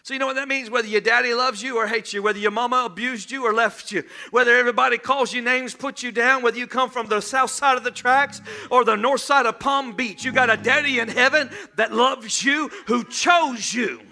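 High, bright-voiced preaching man. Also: a little fast, creaky, few pauses. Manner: impassioned, shouting with call-and-response. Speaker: pastor. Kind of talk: preaching a sermon.

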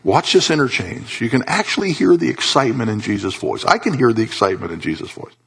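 Impassioned husky male preacher. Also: expressive, fast talker. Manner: passionate, swings from loud soaring highs to soft low tones. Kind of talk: sermon.

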